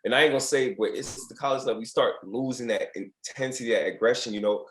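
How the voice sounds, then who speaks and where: A fast-talking man from Virginia, United States, with a medium-pitched voice, speaks in a roomy space. As a former basketball player guesting on a podcast, he tells casual stories candidly and profanely, reenacting quotes in other voices.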